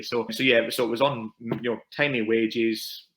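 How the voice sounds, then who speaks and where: This thirties-aged guest from Scotland, a property investor, talks through his story in a fast, rambling interview style full of repeated words. His voice is medium-pitched and a bit bright with little pitch movement, over slight background noise.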